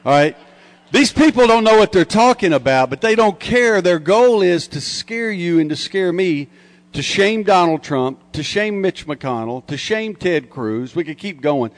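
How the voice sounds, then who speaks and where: A man with a slightly raised pitch addresses a conference hall crowd. He talks in a punchy, joking way, mocking his targets as he goes. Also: animated, unhurried. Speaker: conference speaker, journalist. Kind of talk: lively conference talk with audience call-and-response.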